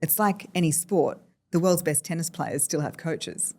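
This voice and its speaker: An Australian woman talking as a voice coach in a relaxed podcast chat. Her voice sits a little low and stays lively, leaping up and down as she tells her anecdotes. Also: normal speed. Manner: animated storyteller, playful vocal shifts. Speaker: voice coach guest. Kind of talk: casual podcast interview.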